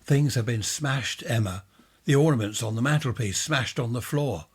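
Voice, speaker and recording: A man's voice: mid-range voice, moderate pace, breathy edge, natural voice. A man reading a ghost story, voicing an exasperated father who storms and blusters. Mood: angry. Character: angry worried father, blustering.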